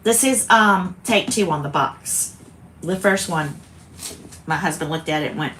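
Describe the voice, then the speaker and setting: A woman's voice: fairly low pitch, measured pace, a bit bright, slight background noise. A woman from South Carolina, hosting a chatty, rambling craft video and often interrupting herself. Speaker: host. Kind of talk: casual chat.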